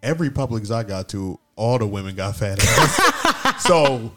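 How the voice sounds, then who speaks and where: A man's voice: fairly low pitch, animated, normal speed, music in the background. A young man co-hosting a podcast, telling stories in a laid-back, joking, slangy way. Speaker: podcast co-host. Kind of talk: casual chat.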